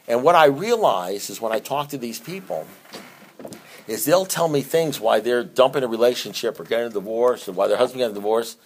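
A man's voice: medium pitch, fairly quick, a little hiss or hum. A middle-aged man who counsels divorcing couples and sponsors others in recovery, speaking off the cuff in a blunt, streetwise way, often restarting and repeating himself. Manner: rambling, repeats and restarts, animated at times. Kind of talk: unscripted talk.

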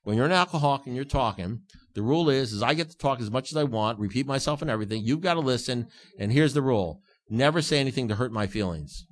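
Speaking to a recovery group, a man tells stories in an emphatic, repetitive, self-mocking style. His voice is medium in pitch and fast, with lively intonation.

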